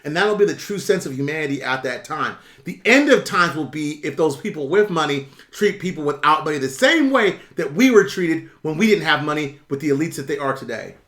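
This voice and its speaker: A man's voice: a little high, lively intonation, fairly quick, hardly any pauses, fairly bright tone. A middle-aged man, ranting bluntly and with profanity on his own live stream while answering viewers. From United States. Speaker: YouTube currency commentator. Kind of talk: casual livestream rant.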